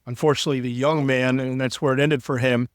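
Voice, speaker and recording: A man's voice: medium pitch, steady tone, fast talker, dry recording. A man from Cincinnati, a guest in an interview, talking in an earnest, heartfelt and long-winded way, close to tears. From Cincinnati, United States. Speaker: interview guest, sports broadcaster. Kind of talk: candid conversational interview.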